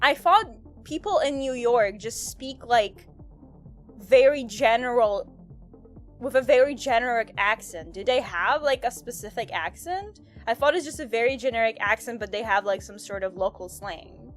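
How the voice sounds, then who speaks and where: A woman's voice: fairly high pitch, lively intonation, moderate pace. A woman streaming a game who chats with viewers in a giggly, self-deprecating way, with faint game music behind her. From not American. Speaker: VTuber streamer. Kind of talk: casual game livestream chat.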